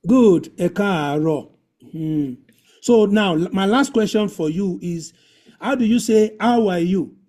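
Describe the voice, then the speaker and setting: A man's voice: high-pitched, unhurried, darkish tone. A man hosting an online language class over a video call, repeating points and coaching pronunciation. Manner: repetitive, coaching, drills pronunciation. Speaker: webinar host.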